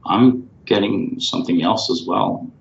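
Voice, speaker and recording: A man hosting the show, answering in short halting, emotional phrases while being guided through a healing session. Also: low voice, creaky. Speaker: host. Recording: roomy, dull lo-fi with faint hiss.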